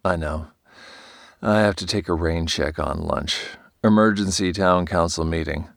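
A man voicing an easygoing adult male police chief in an audiobook, speaking plainly and calmly. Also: deep voice, a little slow, creaky, no room sound, studio quality, full character voice.

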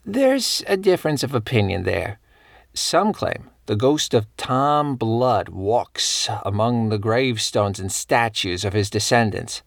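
A man's voice: medium pitch, animated, unhurried, creaky, no echo, clean studio sound. A man voicing a spry, cheerful elderly woman who loves local history and gossip. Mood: chatty.

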